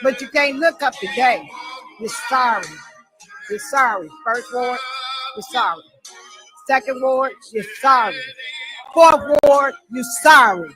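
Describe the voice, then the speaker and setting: A woman giving an angry protest speech during public comment, shouting and repeating her accusations. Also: high-pitched, slow pace, pauses often, music in the background, low-quality recording. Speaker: resident speaking at public comment. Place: city council chamber.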